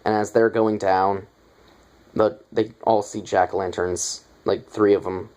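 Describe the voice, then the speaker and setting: A man's voice: lowish voice, little pitch movement, unhurried, darkish tone, poor audio. A young man casually retelling a movie's plot in a review, rambling with lots of fillers and offhand asides.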